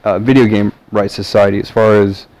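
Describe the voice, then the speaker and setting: A man's voice: fairly low pitch, little pitch movement, brisk, a little mellow, rough recording. A man from the American South talking to camera in a rambling, casual monologue full of fillers and restarts. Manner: meandering, many fillers and restarts. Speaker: vlogger.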